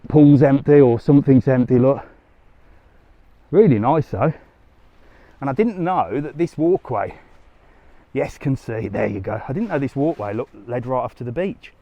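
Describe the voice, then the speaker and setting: Holding his phone outdoors on a busy resort street, a travel vlogger chats with viewers during a live walking tour. His medium-pitched voice is animated and easygoing at a moderate pace with frequent pauses, and he sounds a little winded; the audio has no echo and the highs are cut off.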